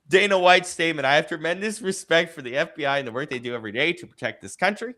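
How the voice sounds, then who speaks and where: A man's voice: a little high, fast, pushed and bright. A man co-hosting a casual sports and news talk show, reading headlines and laughing along. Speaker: podcast co-host. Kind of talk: casual chat.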